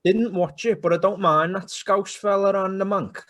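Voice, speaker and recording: A man's voice: sits high, steady tone, normal speed, a bit bright. A man co-hosting a casual podcast, talking in a laid-back, chatty way and laughing easily. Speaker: podcast co-host. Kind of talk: casual banter about football and MMA.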